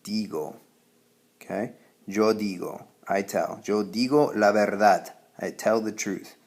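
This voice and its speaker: A man's voice: on the low side, fairly even intonation, slow pace, a little mellow. A man teaching a Spanish grammar lesson, patient and explaining step by step, often checking in with "okay?".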